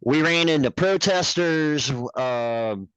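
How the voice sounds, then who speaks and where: A man's voice: on the high side, expressive, slow pace, fairly bright tone, smooth, dry recording, low-quality recording. Rambling, laughing man on a dry mic. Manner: rambling, profane, laughs at his own stories. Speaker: podcast guest, puppet show producer. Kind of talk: casual storytelling chat.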